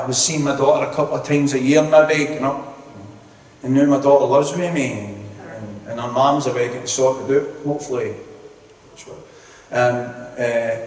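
A man's voice: medium pitch, darkish tone, a little hiss or hum. A man giving an earnest, rambling testimony as a lay preacher, often breaking off and restarting. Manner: earnest, rambling, self-interrupting. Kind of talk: sermon testimony. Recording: echoey hall, distant mic.

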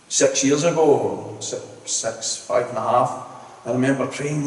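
A man's voice: mid-range voice, unhurried. A man giving an earnest, rambling testimony as a lay preacher, often breaking off and restarting. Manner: earnest, rambling, self-interrupting. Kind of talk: sermon testimony. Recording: echoey hall, distant mic.

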